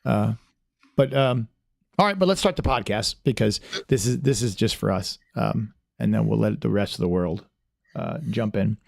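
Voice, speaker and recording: Gravelly-voiced man hosting a chatty podcast. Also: lowish voice, moderate pace, darkish tone, dry recording, clean studio sound. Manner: rambling, with many restarts and fillers; friendly, chatty. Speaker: podcast host. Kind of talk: casual podcast chat.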